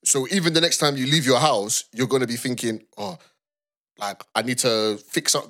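A man's voice: medium pitch, fairly quick, fairly bright tone. A man co-hosting a casual podcast, reflecting and explaining points through acted-out example exchanges. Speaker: podcast co-host.

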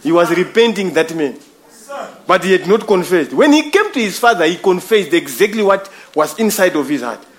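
High-voiced man preaching emphatically. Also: sing-song, normal speed. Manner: emphatic, repeats phrases, addresses listeners as brother. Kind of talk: sermon.

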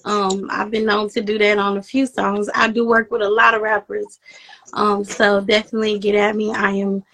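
A woman's voice: mid-range voice, level tone, moderate pace, a bit bright. A woman singer chatting as a guest, upbeat and eager. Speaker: singer and vocal producer guest. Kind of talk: casual chat. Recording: audible background noise.

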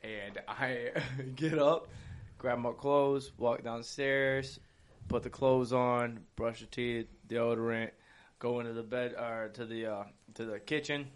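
A man's voice: medium pitch, fairly even intonation, slow. A man co-hosting a podcast in casual chat, with loose, profane, laughing banter. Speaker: podcast co-host.

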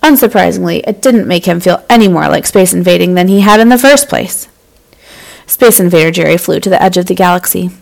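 Speaking to kids on her podcast, a woman narrates a bedtime story with friendly energy. There's vocal fry in her lowish, slightly fast voice, and the audio is poor.

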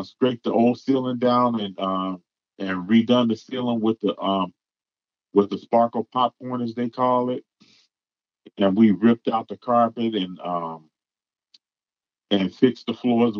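A man's voice: mid-range voice, no echo. A man tells a story casually, stopping and restarting with plenty of ums. The sound is dry and close. The recording is dull and lo-fi. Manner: halting, with many ums and restarts. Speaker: guest telling a story.

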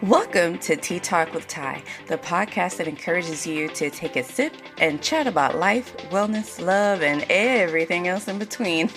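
A woman's voice: on the low side, fairly bright tone. Upbeat woman hosting a podcast. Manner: upbeat, friendly, laughs at own slips. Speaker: podcast host. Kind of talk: casual podcast intro.

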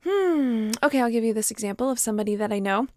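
A woman's voice: a little high, animated, quick pace, mellow, no room sound, clean studio sound. A woman talking casually and frankly to camera, filling her speech with fillers and restarts. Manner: chatty, many fillers and restarts; frank, personal, laughs at herself.

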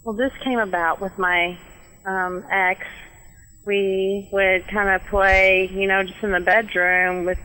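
A woman with a Southern accent, a guest on the phone, answering calmly and matter-of-factly. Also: medium pitch, slow pace, faint music behind, poor audio. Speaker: guest author. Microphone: phone line.

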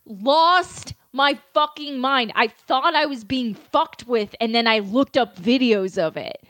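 A woman co-hosting a podcast, telling stories with expressive disbelief. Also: sits high, slow pace, dry recording. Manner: expressive, incredulous storytelling. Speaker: podcast co-host. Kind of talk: casual comedic chat.

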